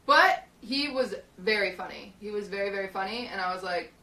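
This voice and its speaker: Brisk, pushed and bright, this young woman's mid-range voice carries a meandering, filler-heavy retelling of a story. She's streaming from a small hot shed set up as a podcast studio, and the mic sits far enough away to leave the audio roomy.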